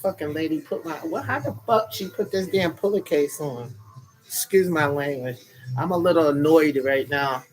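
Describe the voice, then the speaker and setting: Guy on a phone stream from bed, cussing and venting but sweet to viewers, kinda high voice, faint music behind. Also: moderate pace, rough recording. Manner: profane, annoyed, sweet-talking viewers. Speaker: live streamer chatting with viewers. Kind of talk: casual rambling live stream. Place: in bed at home under a cover. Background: faint music from another room.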